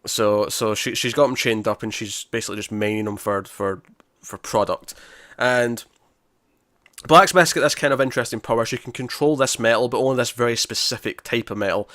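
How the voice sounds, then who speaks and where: Co-hosting a laid-back podcast, a Scottish man speaks fairly quickly in a mid-range voice, captured in dry, studio-quality sound. He's lively and acts out lines from scenes.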